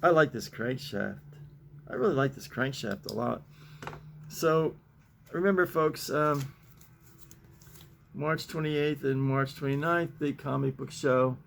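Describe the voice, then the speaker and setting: A man's voice: medium pitch, creaky, a little hiss or hum. A man hosting a casual talk, reading newspaper comics aloud, chuckling often and rambling with fillers. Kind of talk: casual chat.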